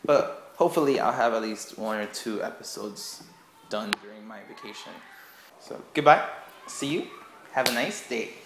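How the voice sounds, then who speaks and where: A man teaching in a casual tutorial vlog, animated and chatty as he walks through a game for kids. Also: on the low side, moderate pace, noisy background. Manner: animated, acts out kids' voices. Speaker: English teaching assistant. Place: school classroom. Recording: roomy classroom echo.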